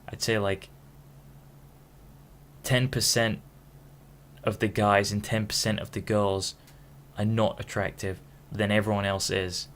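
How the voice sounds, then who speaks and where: Speaking to camera with a flat delivery, this young man from Hull, England, has a fairly low, slightly bright voice, and there is a little background noise. The vlogger rambles frankly, halting often and restarting sentences again and again.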